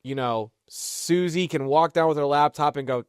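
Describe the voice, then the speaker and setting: A man's voice: on the high side, normal speed, clear, resonant tone, no room sound, studio quality. A man co-hosting a podcast, telling business stories in casual chat and laughing between points. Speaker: podcast co-host.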